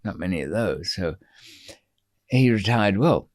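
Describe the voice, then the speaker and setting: Male podcast guest, low-ish voice, hesitant wry storyteller, dry close sound. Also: expressive, a little slow, darkish tone, no echo. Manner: hesitant, full of ums and restarts, wry. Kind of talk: casual storytelling interview.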